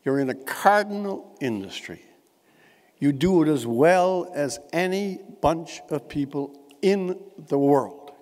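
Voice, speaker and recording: A man's voice: fairly high pitch, animated, takes it slowly, a little mellow. A man, giving a humorous keynote speech in a wordy, witty storytelling manner, with dry and elaborate phrasing. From Newfoundland, Canada. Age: 70s. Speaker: keynote speaker. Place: large indoor conference hall. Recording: echoey hall, long reverb.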